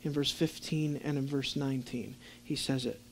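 A man preaching a sermon to a congregation, asking them questions and swinging between soft low asides and emphatic raised points. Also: steady tone, normal speed, vocal fry, slight background noise. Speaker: pastor. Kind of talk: sermon teaching.

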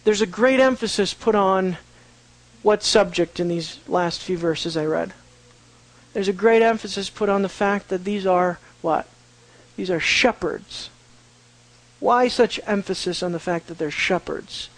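A man's voice: high voice, measured pace, low-quality recording. A man teaching a sermon, reading scripture aloud and asking his listeners rhetorical questions. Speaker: Bible teacher.

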